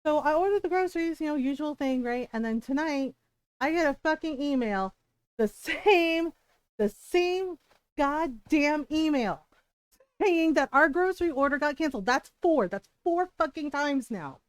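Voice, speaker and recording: A female livestreamer tells a story in a casual, chatty way, throwing in plenty of "like" and "right?" and swearing freely when exasperated. Her voice sits high and is animated and fairly quick, with no echo.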